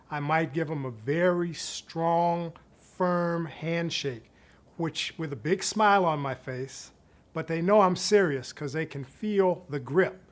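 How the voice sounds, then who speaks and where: A middle-aged man, a psychiatry professor, giving an instructional talk in a measured, explanatory way and slowing down to stress key points. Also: fairly high pitch.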